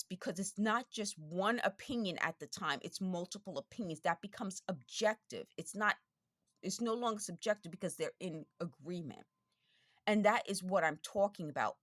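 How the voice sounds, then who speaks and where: A woman's voice: medium pitch, no echo. A woman from the United States talking straight to camera in a casual monologue, insistent and repeating her points, her voice strained from talking over noise. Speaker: video blogger.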